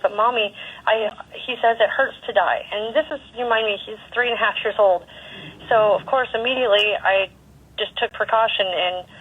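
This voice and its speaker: A woman calling in to tell an emotional personal account, halting and upset, often restarting her sentences. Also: medium pitch, slightly rough. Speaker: caller. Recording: tinny phone line.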